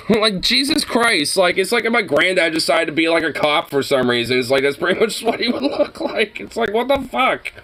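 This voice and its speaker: A man's voice: high-pitched, animated, moderate pace, bright, forceful tone. A man giving a casual, profane reaction commentary, mocking and often laughing.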